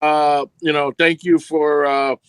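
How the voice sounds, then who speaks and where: A man with a New York accent, a film producer guest on a video call, speaking in a measured way with many pauses and uh's. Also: on the high side, little pitch movement, clean tone, dry recording. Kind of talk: casual interview chat.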